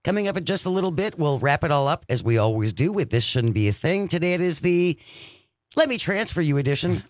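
A man's voice: fairly high pitch, very animated, no echo. A man hosting a radio talk show, chatting casually and upbeat in the studio. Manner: upbeat, chatty, reads phone number slowly. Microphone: studio microphone.

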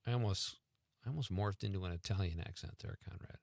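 A man's voice: deep voice, fast, gravelly, warm tone, dry recording, studio quality. A man hosting a radio show, bantering casually and joking at his own expense. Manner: joking, self-mocking, rambling. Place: radio studio. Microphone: studio microphone.

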